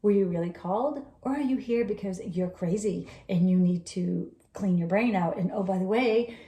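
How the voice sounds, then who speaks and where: A woman talks through a personal story in loose, rambling chat, laughing now and then and acting out the lines of the people in it. Her voice is mellow and soft, and it rings a little in a roomy space. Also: mid-range voice. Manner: animated, rambling, laughs often, acts out quoted dialogue. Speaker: vlogger recounting a personal experience. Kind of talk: casual storytelling monologue. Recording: roomy echo.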